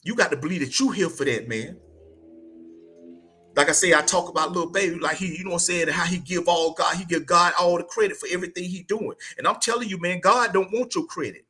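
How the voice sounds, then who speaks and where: A podcast host in middle age talks straight at the listener, with a voice that sits very high for a man and rings with a bright edge. He lectures in a loose, profane, preachy monologue, leaning on "man" and "you know what I'm saying" as he drives each point home. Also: fairly quick, slightly rough, soft background music. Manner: blunt, profane, preachy, repeats "man" constantly. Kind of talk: casual motivational monologue.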